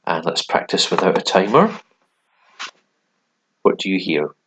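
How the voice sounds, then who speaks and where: A man explains a lesson at an unhurried pace and keeps stopping for ums and restarts. His voice sits low and deep, and he talks casually into a desk mic. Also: sing-song, fairly bright tone, slight background noise. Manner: hesitant, many ums and restarts. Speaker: language learner.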